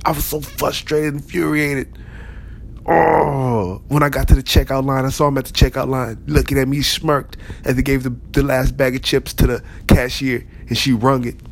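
A man's voice: mid-range voice, flat delivery, normal speed, vocal fry, voice pushed up. A man voicing an indignant grown man who repeats his complaint in a rising whine. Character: indignant grown man fuming over lost chips.

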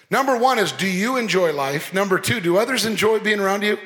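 Man, pastor preaching, playful and animated, high voice, echoing hall reverb. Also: brisk. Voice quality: animated, playful, mimics people. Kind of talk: sermon.

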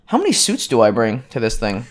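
Man in his thirties, co-host, mid-pitched voice, meandering casual storyteller full of ums. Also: wildly swooping pitch, brisk. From United States. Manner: rambling, with many ums and restarts. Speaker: podcast co-host. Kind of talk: casual chat.

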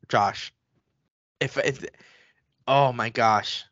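Excitable ranting man on a podcast. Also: mid-range voice, no room sound, dull audio. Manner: excitable, ranting, quick to get heated. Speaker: podcast co-host. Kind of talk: casual sports chat.

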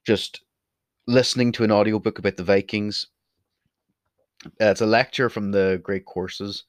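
This young man from Ireland has a lowish voice, fairly even intonation and a moderate pace. He's a chatty, blunt vlogger who swears and drifts off topic, occasionally turning away from his desk mic. The sound is clean studio quality with no room sound.

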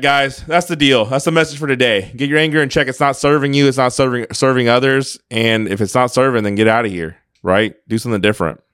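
A man's voice: fairly low pitch, fairly bright tone, clean tone, no room sound, clean studio sound. A man co-hosting a podcast, speaking earnestly and urging listeners with rhetorical questions. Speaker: podcast co-host. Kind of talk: motivational podcast talk.

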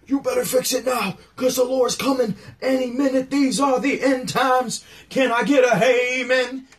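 A man impersonating a fiery male end-times preacher who shouts and calls for amens. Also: very high-pitched, fairly even intonation, voice pushed up. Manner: shouting, drawn-out calls for amen.

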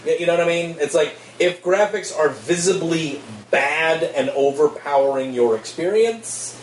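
A man's voice: on the high side, normal speed. A man co-hosting a podcast in casual, rambling chat, laughing often. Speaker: podcast co-host. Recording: roomy echo, distant mic, faint hiss.

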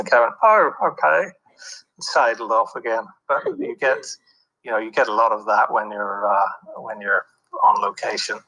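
Husky, bright-toned man telling film stories. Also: on the low side, level tone, normal speed, low-quality recording. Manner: reflective, with many fillers and restarts. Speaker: film producer guest. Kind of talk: anecdotal interview talk.

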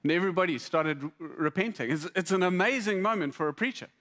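A man preaching a sermon to a congregation, conversational and humorous, with lively repetitions. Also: high-pitched, fast. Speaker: pastor. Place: church hall before a congregation.

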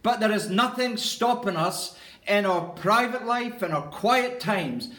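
A man's voice: sits high, lively intonation, measured pace, sharp tone. A man preaching a sermon as pastor, earnest and emphatic, repeating key phrases for weight. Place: church. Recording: echoey church room.

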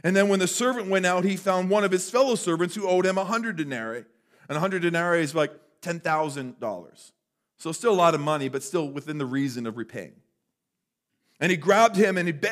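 A male pastor preaching a sermon in a church, conversational and animated, sometimes dropping to a hush for effect. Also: high voice, a little fast. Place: church sanctuary.

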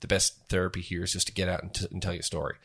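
Man, very low voice, casual podcast chat, rambling storyteller. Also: little pitch movement, rapid-fire, creaky, a bit bright. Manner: rambling, filler-heavy storytelling. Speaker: podcast co-host.

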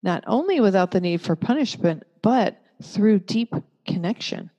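A woman giving a calm, measured talk that teaches parents. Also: medium pitch, muffled recording. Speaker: parenting educator. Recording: long reverb.

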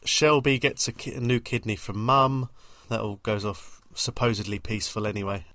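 Man co-host, lowish voice, dry recap, close dry sound. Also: fairly even intonation, normal speed, fairly bright tone, dry recording. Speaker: podcast co-host. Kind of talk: casual film recap.

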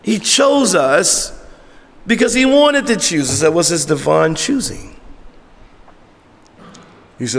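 High-voiced pastor preaching in a reverberant church. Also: male voice, sing-song, unhurried, pauses often. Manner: emphatic, conversational preaching with rhetorical questions. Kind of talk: sermon. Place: church sanctuary with congregation. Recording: long hall reverb in a church.

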